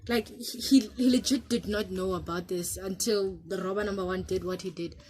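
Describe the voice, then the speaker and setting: A South African woman vlogger casually telling a story to camera, animated and switching between English and local languages. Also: medium pitch, normal speed, slight background noise.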